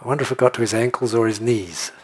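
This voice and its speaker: A man preaching a sermon, animated and playful, often laughing and checking in with the congregation. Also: mid-range voice, rapid-fire, slightly rough. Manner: animated, jokey, laughs often, asks the room "right?". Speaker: pastor.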